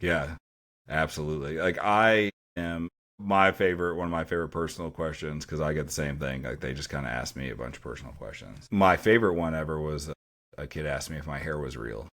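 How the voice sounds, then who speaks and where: A man with a deep voice, a teacher co-hosting a casual podcast chat and telling stories with dry sarcasm. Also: a little fast, fairly bright tone. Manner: dry sarcastic humor, storytelling with acted quotes.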